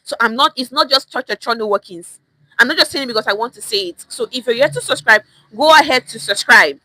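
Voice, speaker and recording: A young Nigerian woman with a Nigerian accent leads a Pidgin English lesson on a livestream. Her voice is bright and a little high, recorded dry and close. She talks in an animated way, repeating phrases to show how tone changes their meaning. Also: quick pace, no echo, low-quality recording.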